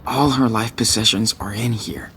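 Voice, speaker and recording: An actor playing a weary teenage boy on the run, musing quietly in a wry inner monologue for a video game. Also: on the low side, moderate pace, a little hiss or hum.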